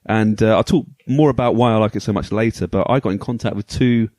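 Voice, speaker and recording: A man hosting a retro gaming podcast, enthusiastic and quick to laugh, sometimes reading a story aloud in a dramatic voice. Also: fairly low pitch, dry recording. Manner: animated, enthusiastic, laughs easily. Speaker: podcast host.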